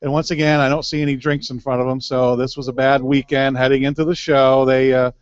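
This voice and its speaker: A man's voice: mid-range voice, little pitch movement, a little fast, smooth, no echo. A man hosting a talk show, chatting casually with some hesitations. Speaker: radio show host. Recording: dull lo-fi sound.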